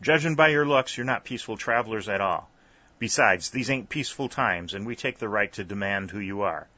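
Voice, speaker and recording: A man voicing a steady army sergeant in an audiobook, sharp and commanding. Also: lowish voice, normal speed, dry recording. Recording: slightly dull, dry recording.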